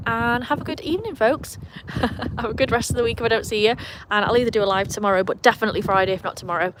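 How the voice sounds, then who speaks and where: A woman's voice: a little high, quick pace, background noise. Chatty British woman on a phone live. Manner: chatty, self-mocking, reads viewer comments aloud. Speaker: live-stream host. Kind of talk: casual live-stream chat. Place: outdoors in cold weather with her dogs.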